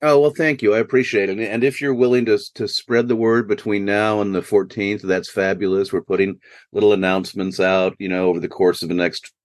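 An older man, a guest actor, telling anecdotes in a self-mocking, animated way in a podcast interview. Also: on the low side, fairly quick, dry recording. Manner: animated, self-mocking storyteller who acts out quoted voices.

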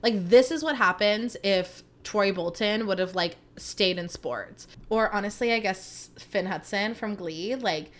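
Her medium-pitched voice moves a bit slowly with few pauses as this thirtysomething woman hosts a podcast. It's chatty and animated storytelling, and "like" comes up constantly.

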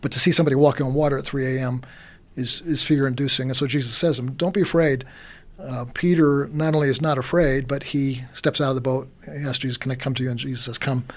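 A man's voice: medium pitch, fairly even intonation, fast. Rambling man talking faith. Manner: rambling, repeats words, frequent fillers. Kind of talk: casual conversation about faith.

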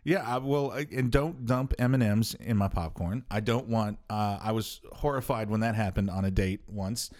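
A man's voice: moderate pace, few pauses. A man in his forties co-hosting a casual podcast chat, telling stories and acting out quoted lines with big leaps in his voice. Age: 40s. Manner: animated storyteller, acts out quotes with big pitch jumps. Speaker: podcast co-host.

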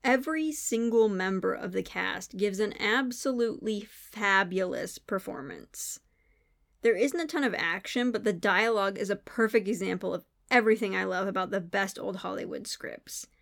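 A woman's voice: mid-range voice, vocal fry. A woman giving an enthusiastic, detailed scripted narration of a film review.

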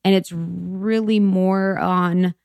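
A woman co-hosts a podcast in casual, reflective chat, her voice sitting a little low. The sound is close and dry, with no room around it. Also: steady tone, takes it slowly, vocal fry, darkish tone, no room sound. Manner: reflective, chatty, many fillers. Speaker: podcast co-host. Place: podcast studio.

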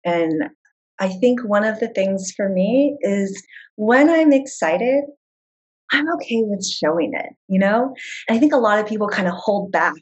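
A woman with a husky, mid-pitched voice speaks as a guest in a casual interview. She talks with open passion and enthusiasm, like a travel video creator describing her life. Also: lively intonation, measured pace, muffled recording.

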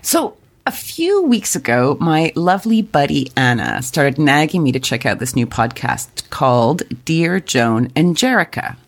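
A woman co-hosting a podcast in lively, chatty conversation. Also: low voice, measured pace, a little hiss or hum. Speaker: podcast co-host. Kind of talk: casual chat.

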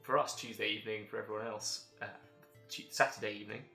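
A man runs a tabletop game, chatty and laughing at himself. His voice is bright and forceful. The room around him is roomy and echoey. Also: lowish voice, level tone, fast, soft background music. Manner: chatty, laughs often, self-deprecating. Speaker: game master and host. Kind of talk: casual chat, running a tabletop game.

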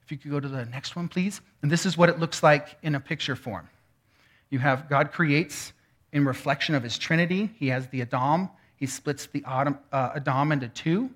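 A man's voice: fairly high pitch, fairly bright tone. A man preaching a sermon in a teaching manner, often checking in with the room. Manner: teaching, asks the room questions. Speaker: pastor.

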